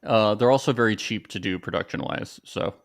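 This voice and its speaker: A man's voice: lowish voice, brisk, no room sound, studio quality. A young man co-hosting a podcast, chatting casually and jokily about a reality show. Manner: animated, jokey, swears casually. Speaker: podcast co-host. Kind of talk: casual recap chat.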